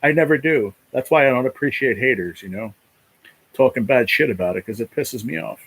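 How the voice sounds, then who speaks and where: A man's voice: lowish voice, husky, low-quality recording. Emotional, rambling man on a live stream. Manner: rambling, emotional, repeats "you know". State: close to tears. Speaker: livestream host. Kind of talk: casual live-stream chat.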